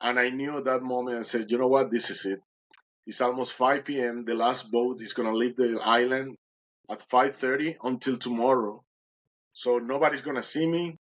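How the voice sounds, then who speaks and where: A man's voice: mid-range voice, fairly even intonation, moderate pace, dull audio. A podcast guest, a man, recounting a dramatic personal story in conversation and acting out his own words with animation.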